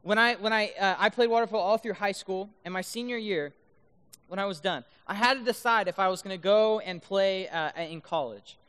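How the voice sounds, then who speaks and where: A young man preaching a youth sermon, earnest, often repeating his words and swinging from loud to soft. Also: high-pitched, fairly quick, smooth. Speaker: youth pastor.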